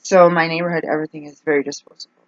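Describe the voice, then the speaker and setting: A woman's voice: low voice, little pitch movement, rapid-fire, no room sound. A woman ranting in a casual vlog, rambling and exasperated as she complains. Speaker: vlogger. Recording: dull, dry lo-fi recording.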